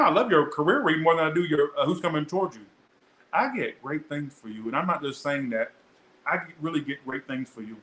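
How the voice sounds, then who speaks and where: A man's voice: mid-range voice, fairly bright tone, echoey room, a little hiss or hum, low-quality recording. A young man doing a casual tarot reading, chatty and blunt, swearing freely as he talks to his viewers. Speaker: tarot reader.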